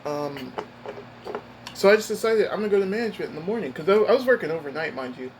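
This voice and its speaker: A young male streamer with a slightly high voice gives a life update, rambling fast through a work story while venting to his viewers. Emphatic and expressive, he talks casually with lots of fillers and restarts against a noisy background.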